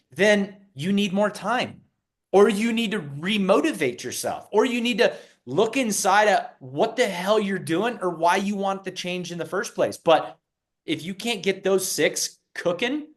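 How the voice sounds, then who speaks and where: A man's voice: high-pitched, very animated, a little slow. A man co-hosting a casual podcast, talking bluntly and firmly about coaching. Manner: blunt, firm coaching talk. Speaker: podcast co-host. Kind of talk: casual chat.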